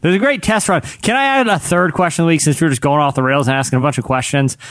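A man's voice: fairly high pitch, fast talker, fairly bright tone, dry recording. A man co-hosting a podcast in casual chat, rambling and self-deprecating, laughing mid-sentence. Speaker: podcast co-host.

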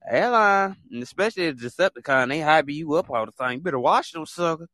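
A man talks on his own in a casual podcast monologue, his voice sitting a bit high and swinging up and down a lot. He repeats his points and jumps into exaggerated impressions of other people. The sound is dry and close, with no room echo. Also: lively intonation, a little fast, pushed and bright. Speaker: podcast host.

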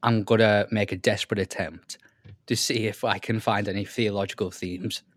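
A man co-hosting a casual faith-based podcast, speaking in a relaxed way that trails off with ums and repeated words. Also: fairly low pitch, moderate pace, dry recording. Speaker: podcast co-host.

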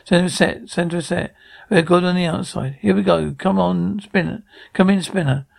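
Pushy aussie two-up caller, gravelly voice, a bit high. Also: male voice, normal speed. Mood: rowdy. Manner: loud, pushy crowd calling. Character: brash male two-up ringkeeper, adult. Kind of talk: drama dialogue.

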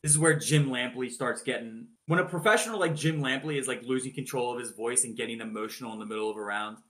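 A man with a bright, forceful voice narrates a boxing match for his podcast co-hosts. He talks casually, swears freely and keeps the story moving with plenty of energy. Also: mid-range voice, fast talker. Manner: animated, swears freely, acts out announcers' shouted calls.

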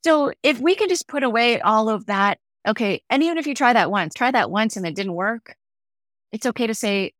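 A woman's voice: a little high, lively intonation, normal speed, a bit bright, no echo, studio quality. A woman speaking as a podcast guest and grief educator, earnest and conversational, often checking in with "right?". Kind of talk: conversational interview.

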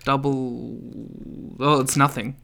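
A man's voice: mid-range voice, flat delivery, slow, vocal fry, pushed and bright. A man co-hosting a casual wrestling podcast, dry and wry with joking asides. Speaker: podcast co-host.

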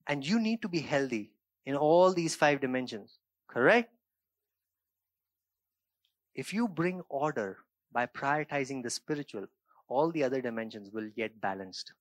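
A man preaching a sermon as pastor, moving between quiet reflective passages and raised emphatic points, checking in with "right?" and "okay?". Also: mid-range voice, lively intonation, normal speed, long pauses, dry recording.

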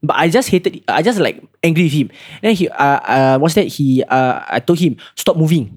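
A man's voice: fairly high pitch, lively intonation, moderate pace. Young Singaporean man telling a story. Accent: Singaporean English. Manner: storytelling with colloquial slang. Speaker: podcast co-host. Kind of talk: casual chat.

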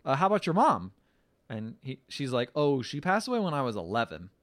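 Animated man retelling a film. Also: mid-range voice, a little fast. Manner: animated retelling, acting out characters' lines. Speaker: podcast co-host recapping a film. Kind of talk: casual chat.

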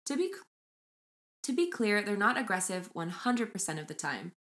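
A young woman co-hosting a casual podcast, chatting and reading a story aloud with lively mimicry of voices. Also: mid-range voice, moderate pace. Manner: animated, mimics voices when retelling. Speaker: podcast co-host.

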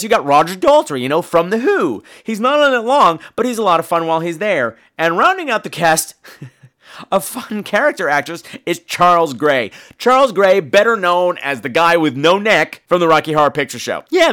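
A high, bright-voiced man recapping a horror film in a campy, gossipy way. His pitch leaps all over the place as he jumps into the characters' voices. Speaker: podcast host. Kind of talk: animated movie recap.

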